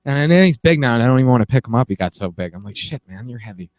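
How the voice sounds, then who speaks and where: A man's voice: mid-range voice, expressive, very fast, a little mellow, smooth, no room sound. A man in casual podcast banter who rambles and laughs through his stories. His voice sits in the middle and sounds dry and close to the mic. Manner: loose, laughing, storytelling. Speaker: comedian and show promoter.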